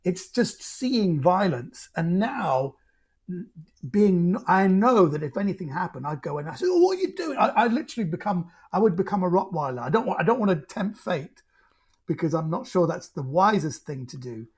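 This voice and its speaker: A husky-voiced man in his fifties, talking as a guest on a podcast. He tells his stories with animation and keeps stumbling into restarts as the memories pour out. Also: high-pitched, animated, moderate pace. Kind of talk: casual storytelling.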